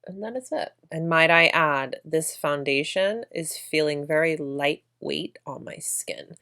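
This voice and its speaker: Beauty vlogger, female, lower-pitched voice, chatty and gushing as she talks through makeup. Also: a little slow, sharp tone, smooth. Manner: chatty, effusive about products. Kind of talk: makeup tutorial narration.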